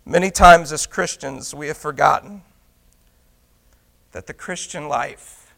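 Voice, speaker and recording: Male pastor, high bright voice, emphatic preacher who drops to hushed asides. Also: slow, gravelly, pauses often. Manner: rhetorical questions to the congregation. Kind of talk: sermon.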